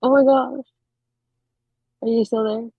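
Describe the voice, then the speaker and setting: A young woman chatting casually on a video call with her book club, full of quick apologies and exclamations. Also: a little high, steady tone, no room sound, phone-quality sound. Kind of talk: casual chat.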